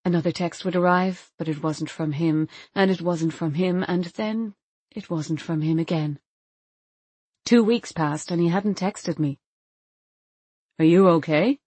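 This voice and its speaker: A woman narrates a first-person novel in a quiet, measured, intimate voice. Her voice sits fairly low, and the recording is close and dry, with no room echo. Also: husky. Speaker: audiobook narrator.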